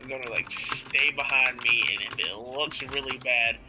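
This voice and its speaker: A man's voice: mid-range voice, normal speed, loud music behind the voice, poor audio. A man playing in a tabletop role-playing game, laid-back and laughing, with casual swearing. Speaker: player.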